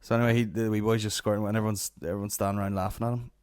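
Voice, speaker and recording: Male podcast host, low voice, dry close mic, rambling profane comic rant. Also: rapid-fire, smooth, no echo. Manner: rambling, profane, deadpan storytelling.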